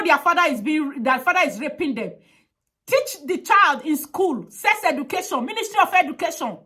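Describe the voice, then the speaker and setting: A woman's voice: high-pitched, fairly bright tone. A woman giving an impassioned public appeal, speaking emphatically and repeating her direct demands. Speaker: advocate.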